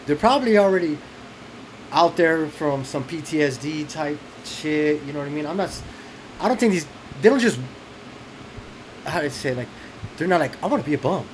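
A man hosting a podcast in loose, casual chat, relaxed and profane with plenty of street slang. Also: fairly high pitch, normal speed, pauses often, noisy background.

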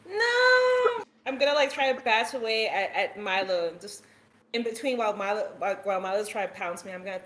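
A woman's voice: mid-range voice, quick pace, a bit bright. A woman playing a tabletop role-play game, playful and eager. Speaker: player. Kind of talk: casual role-play chat.

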